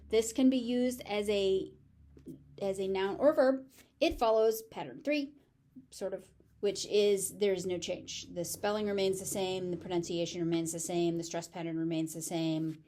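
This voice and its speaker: Slow, careful American woman teacher. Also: mid-range voice, fairly even intonation, warm tone. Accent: General American. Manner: repeats each word slowly and distinctly, then explains. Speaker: pronunciation teacher. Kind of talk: slow, careful pronunciation lesson.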